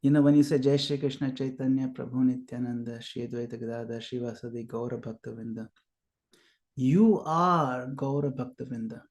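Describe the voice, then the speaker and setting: A man's voice: mid-range voice, steady tone, moderate pace, a little mellow. A man teaching a devotional class, patiently explaining terms and reassuring a student.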